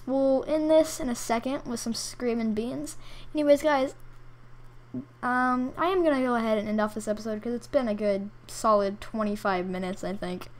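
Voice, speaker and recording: A woman's voice: fairly high pitch, moderate pace. A woman giving playful, jokey commentary as a gaming YouTuber, with mumbled asides as she clicks around websites. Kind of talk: casual commentary while browsing.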